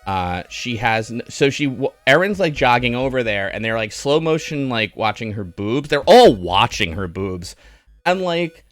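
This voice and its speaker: A man's voice: mid-range voice, very animated, moderate pace. Sardonic rambling male streamer. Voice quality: rambling with many fillers and restarts, sardonic. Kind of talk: casual rambling movie review.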